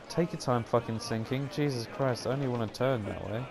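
A man's voice: mid-range voice, fairly quick, creaky, crowd noise. A young man sarcastically commenting on a game, swearing a lot. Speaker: gaming channel host. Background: game music.

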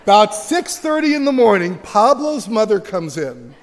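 A man's voice: high-pitched, very animated, normal speed, slight background noise. A man in his sixties, a teacher, giving a joking, emphatic lecture on a stage microphone in a large auditorium. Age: 60s. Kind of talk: humorous, animated public lecture. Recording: reverberant auditorium lecture recording.

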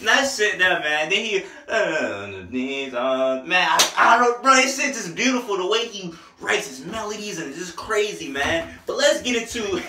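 A young man reviewing an album in loose, hyped-up slang, breaking into sung snippets. His voice is bright and on the high side. He sits back from the mic in a roomy, echoing space. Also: moderate pace, hardly any pauses, distant mic, slight background noise. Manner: excited, slangy, sings snippets along with the tracks. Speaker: music reviewer. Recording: echoey room, voice off-mic.

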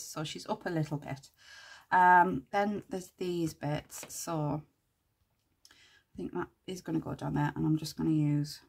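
Slow husky gravelly woman crafter. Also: deep voice, darkish tone. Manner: chatty, thinks aloud while working, mutters asides to herself. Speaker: craft channel host. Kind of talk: casual crafting tutorial chat.

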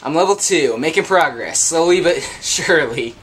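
A man's voice: a little high, animated, normal speed, fairly bright tone, a little hiss or hum. A young man giving casual let's play commentary, confused, swearing a lot, laughing and yelping whenever he gets hit. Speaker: gameplay commentator.

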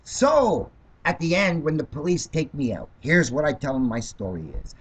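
A man's voice: on the high side, moderate pace. Combative older man ranting. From Canada. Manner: combative, ranting, lively delivery. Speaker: political candidate. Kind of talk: reading his own transcript aloud, rambling commentary.

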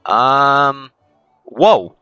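A man's voice: medium pitch, expressive, extremely slow, sharp tone, smooth, no echo, soft background music, rough recording. A man hosting a let's play, giving rambling, jokey gameplay commentary and often correcting himself.

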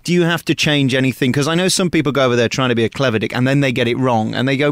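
A man hosting a radio interview, a fast and chatty talker asking questions. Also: mid-range voice, steady tone, dry recording. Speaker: radio host.

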